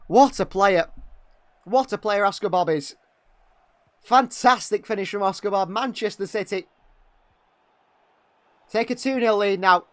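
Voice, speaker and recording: A young man giving partisan live fan commentary on a match, excitable and quick to criticise players. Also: high voice, dry recording. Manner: excitable, exclaiming at big moments, critical of players.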